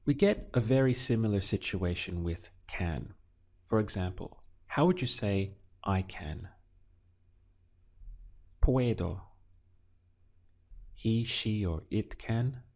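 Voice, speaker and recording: A man teaching a recorded language lesson, asking slow, deliberate questions and pausing for the learner to answer. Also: fairly low pitch, animated, a little mellow. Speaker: Spanish teacher.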